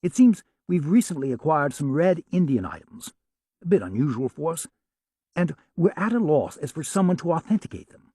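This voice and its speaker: A man's voice: a little high, sing-song, moderate pace, warm tone, breathy edge, dry recording, studio quality. A man voicing a con man who fakes an English accent, posh and overly polite. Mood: smooth polite. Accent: English (put on).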